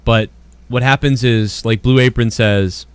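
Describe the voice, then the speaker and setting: Smooth-voiced rambling podcast host, a man. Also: medium pitch, fairly even intonation, measured pace, no room sound. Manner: rambling, swearing, many fillers. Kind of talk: casual podcast chat.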